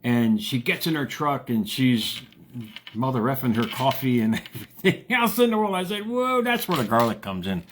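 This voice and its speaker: Animated man telling a story. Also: moderate pace, a little hiss or hum. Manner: animated, jokey, acts out quotes with big pitch jumps. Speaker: motivational radio host. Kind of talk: casual storytelling monologue.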